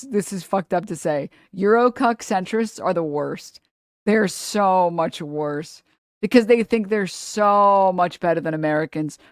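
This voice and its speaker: A woman live streamer with a medium-pitched voice rants casually about politics to her chat. She is blunt, sarcastic and profane, frequently laughing mid-sentence. The recording is dry and studio quality.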